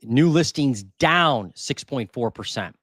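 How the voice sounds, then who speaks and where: A man's voice: mid-range voice, lively intonation, slow, fairly bright tone, breathy edge, no room sound, clean studio sound. A man hosting a housing market channel, talking casually as he reads through market figures, thinking aloud and repeating numbers. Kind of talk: casual live commentary on market data.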